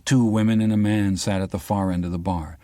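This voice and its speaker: Brief: male audiobook narrator, very low voice, dry close-miked read. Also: fairly even intonation, fairly quick, mellow, no echo. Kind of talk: scripted narration.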